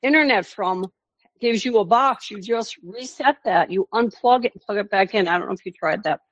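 A woman from the show crew, calmly talking someone through a tech fix. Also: medium pitch, moderate pace, no room sound, muffled recording.

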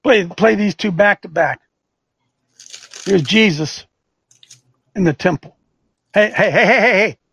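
Gravelly, high-pitched fiery male host. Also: measured pace, pauses often, a bit bright. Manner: combative, rhetorical questions, preachy. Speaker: talk show host and coach. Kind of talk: fiery commentary with a call-in feel.

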